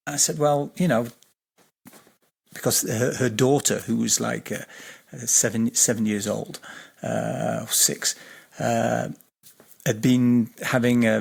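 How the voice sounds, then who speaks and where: A man's voice: mid-range voice, creaky, husky. A middle-aged man, a guest, telling a long anecdote in a rambling, hesitant way with many fillers and restarts. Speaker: guest, geobiologist and healer. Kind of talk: anecdotal storytelling in an interview.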